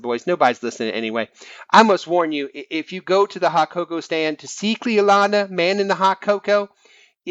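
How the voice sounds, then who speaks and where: A man's voice: a little high, a bit bright, no echo, muffled recording, lightly acted. A man voicing a self-appointed preacher who blesses his friends while slyly insulting them, in a sing-song preachy manner. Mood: confiding. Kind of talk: comic preacher impression on a fan podcast.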